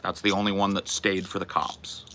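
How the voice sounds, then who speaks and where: Brief: low male streamer, blunt and profane, forceful edge. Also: monotone, moderate pace. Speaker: streamer host. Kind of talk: casual chat answering viewers.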